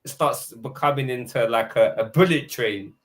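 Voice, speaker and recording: A man talking about football in a casual podcast chat, lively and full of slang, acting out his own reactions. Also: medium pitch, normal speed. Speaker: podcast panelist.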